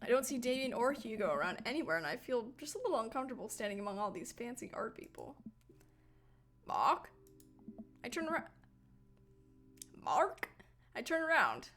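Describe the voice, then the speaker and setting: Playful, high-voiced woman gaming streamer. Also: big pitch swings, quick pace, hardly any pauses, a bit bright, slight background noise. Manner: playful, swearing, laughing asides. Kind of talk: let's-play commentary and reading game text.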